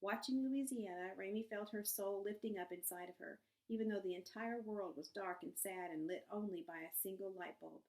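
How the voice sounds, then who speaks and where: Woman audiobook narrator, measured and expressive, mid-pitched. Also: poor audio. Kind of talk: scripted narration.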